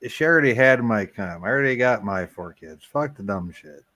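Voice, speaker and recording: A man chatting as a guest on a casual livestream, swearing freely and bursting out loudly. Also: fairly low pitch, lively intonation, brisk. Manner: loud, profane outbursts.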